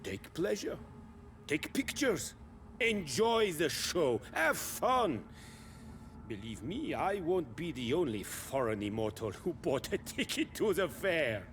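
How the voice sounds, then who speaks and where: A man's voice: a little high, very animated, slow pace, fairly bright tone, soft background music, exaggerated voice. A man with a French accent voicing a gleeful, decadent vampire aristocrat in a video game, theatrical and purring. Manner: theatrical, purring, relishing every word.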